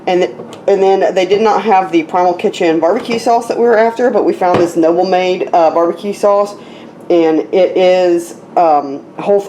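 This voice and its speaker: Low mellow woman vlogging with hiccups. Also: slight background noise, low-quality recording. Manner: chatty, explains food items one by one. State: has hiccups. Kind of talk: casual vlog narration.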